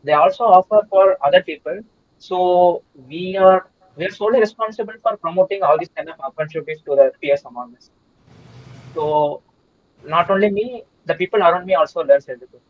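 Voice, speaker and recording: A man's voice: sits high, a little fast, no room sound. A young man, a student guest in an interview, answering plainly with some fillers. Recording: dull dry lo-fi sound.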